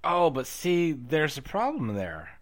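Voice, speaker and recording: A man's voice: on the high side, huge pitch swings, a little slow. Man thinking aloud in casual chat. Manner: thinks aloud with many fillers and restarts, laughs often. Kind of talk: casual conversation.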